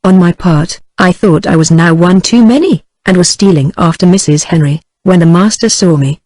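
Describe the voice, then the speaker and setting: Synthetic American woman narrator, even machine cadence, dry close sound. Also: lowish voice, normal speed, no echo, rough recording. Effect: text-to-speech synthesis. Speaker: audiobook narrator. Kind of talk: text-to-speech book reading.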